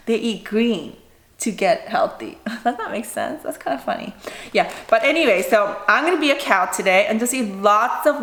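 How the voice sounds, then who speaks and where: A woman mukbang vlogger and mother chatting casually to camera, rambling with quick asides. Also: on the high side, echoey room, slight background noise. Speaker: mother of a young child.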